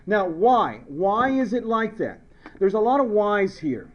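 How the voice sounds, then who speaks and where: A man's voice: high voice, big pitch swings, measured pace. Playful male chemistry teacher lecturing. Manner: playful, storytelling, repeating questions. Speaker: high school chemistry teacher. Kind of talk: classroom lecture with jokes. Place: classroom.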